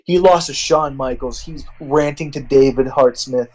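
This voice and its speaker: A man's voice: medium pitch, moderate pace, darkish tone, low-quality recording. A man narrating a wrestling sim game in casual, profane, rambling commentary. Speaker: let's-play narrator.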